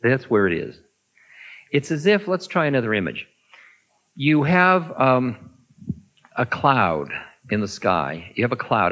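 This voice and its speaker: Animated male meditation teacher. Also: medium pitch, rough recording. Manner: animated, acts out inner thoughts in little voices. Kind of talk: answering an audience question in a talk.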